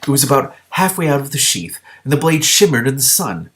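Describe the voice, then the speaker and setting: A man reading a novel aloud with his own asides, steady, with small slips that he corrects. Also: mid-range voice, fairly quick, slight background noise. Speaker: book reader.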